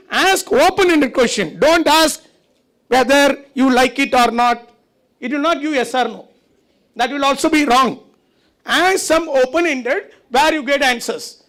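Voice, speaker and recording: In a conference hall, a male speaker with a very high, slightly bright voice gives a conversational lecture. He frequently poses rhetorical questions to the audience.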